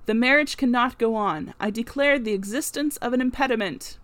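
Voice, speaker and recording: A woman reading the part of a composed male lawyer who speaks calmly and distinctly in an audiobook. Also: on the high side, fairly quick, dry recording. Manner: calm, distinct and steady. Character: calm precise male lawyer.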